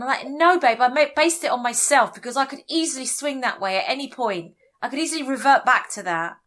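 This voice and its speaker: Casting: high, sparkling woman comic, an expressive storyteller. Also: fairly quick, hardly any pauses. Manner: lively storyteller who slips into comic voices. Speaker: comedian guest. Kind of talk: animated podcast chat.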